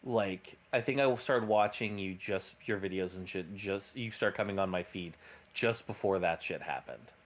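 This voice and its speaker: A man on a casual livestream chat, giving wry, deadpan asides and reading headlines aloud. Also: sits low, moderate pace.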